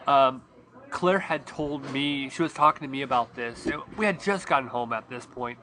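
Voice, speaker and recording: A man's voice: mid-range voice, normal speed, sharp tone, slight background noise. A man hosting a podcast in casual chat. He rambles with restarts and laughs often. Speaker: podcast host.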